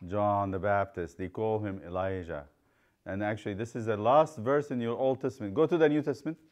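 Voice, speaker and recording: A man's voice: fairly low pitch, a little fast, a little mellow. A man teaching a children's Bible study, quizzing the class and retelling stories with acted-out voices.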